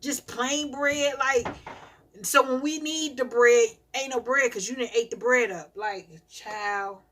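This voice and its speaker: A mother live-streaming, telling animated stories about her children in a casual rant and laughing often. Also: fairly high pitch, a little slow, slight background noise.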